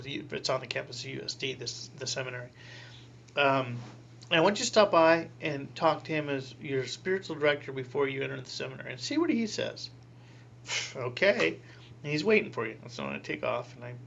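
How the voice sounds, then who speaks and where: Animated storytelling priest, lo-fi. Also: male voice, medium pitch, creaky. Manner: animated, acts out quoted voices with laughing asides. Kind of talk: storytelling in an interview. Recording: dull lo-fi recording with faint hum.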